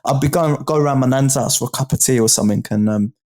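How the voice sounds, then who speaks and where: A fast-talking man from the United Kingdom with a British accent and a mid-range, darkish voice appears as an interview guest. His storytelling is casual and slangy, peppered with "do you know what I mean."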